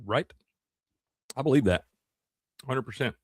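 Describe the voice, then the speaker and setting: A man's voice: mid-range voice, a little slow, slight background noise. A man co-hosting a sports show, bantering casually and upbeat with his co-host. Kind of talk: casual chat.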